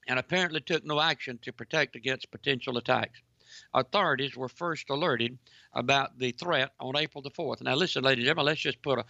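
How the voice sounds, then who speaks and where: Preachy commentator man with gravelly voice. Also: mid-range voice, no echo, muffled recording. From United States. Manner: preachy, emphatic, repeats "ladies and gentlemen". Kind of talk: commentary reading news articles aloud.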